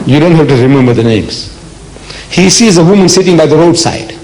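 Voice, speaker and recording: A man's voice: a little high, animated, darkish tone, poor audio. Emphatic older man lecturing on religion. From South Africa. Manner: emphatic, rhetorical questions to the audience; slow, deliberate delivery with dramatic pauses.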